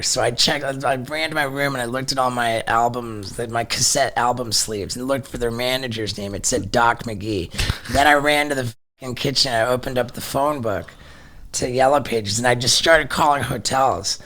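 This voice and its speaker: A middle-aged man telling a story in casual chat, animated, swearing often and restarting his sentences. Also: medium pitch, normal speed. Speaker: podcast guest.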